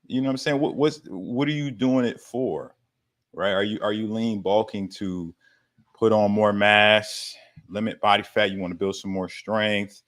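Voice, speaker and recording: A man's voice: fairly low pitch, normal speed, fairly bright tone. A man hosting a casual livestream Q&A about fitness, with laid-back slangy banter, frequent laughs and casual swearing. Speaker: fitness coach hosting a live Q&A.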